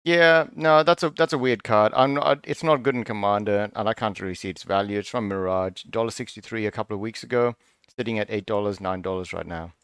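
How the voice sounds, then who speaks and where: A man's voice: lowish voice, brisk, fairly bright tone, clean tone, no echo, clean studio sound. A man hosting a casual card review, thinking aloud in a musing, half-sarcastic way, often breaking off and restarting. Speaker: card review channel host.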